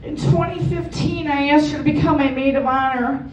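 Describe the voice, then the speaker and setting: A woman's voice: high voice, fairly even intonation, moderate pace, darkish tone, a little hiss or hum. Blunt, joking woman at a memorial. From Chicago area. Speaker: eulogy speaker. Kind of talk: eulogy with funny stories. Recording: roomy hall, distant mic, crowd.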